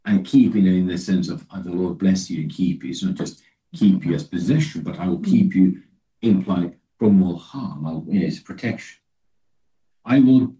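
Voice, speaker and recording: A man preaching a Bible teaching talk in a low, deep voice. His tone is very dark and mellow, picked up from a little way off the mic. He stops and restarts often, and slows down to read scripture with care. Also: distant mic, low-quality recording. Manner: halting, with many restarts and fillers; reads scripture slowly and deliberately.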